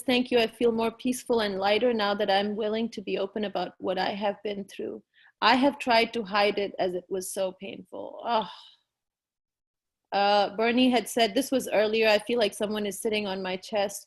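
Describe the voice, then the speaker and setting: Effusive woman hosting a live stream. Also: medium pitch. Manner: effusive and encouraging, with frequent fillers. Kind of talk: live stream chat, reading viewer comments aloud.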